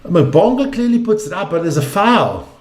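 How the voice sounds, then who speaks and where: An exasperated man delivers casual live-stream basketball commentary full of free swearing, ranting in an echoey room. His high, slightly mellow voice is very animated at a normal speed.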